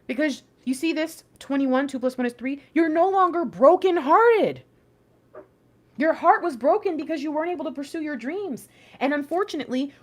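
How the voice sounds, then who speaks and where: A woman giving a casual, chatty tarot reading, preaching emphatic asides straight to her viewers. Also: high voice. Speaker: intuitive tarot reader.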